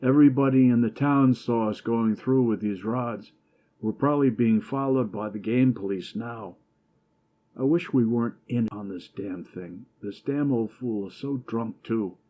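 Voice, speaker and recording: A man's voice: mid-range voice, measured pace, muffled recording, close to an everyday voice. A man voicing a nervous, irritable young husband who complains anxiously.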